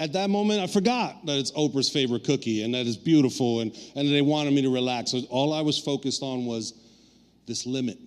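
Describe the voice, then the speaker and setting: A man preaching a sermon as pastor, telling a personal story with playful acted-out asides before turning earnest. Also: mid-range voice. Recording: reverberant hall.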